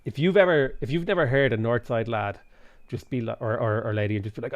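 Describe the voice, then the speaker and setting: A man's voice: medium pitch, fairly quick, darkish tone, no room sound. Irish male streamer, mid voice, loose rambling chat, dry close mic. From Ireland. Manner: rambling, swears freely, reads chat aloud. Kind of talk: casual chat while playing a strategy game.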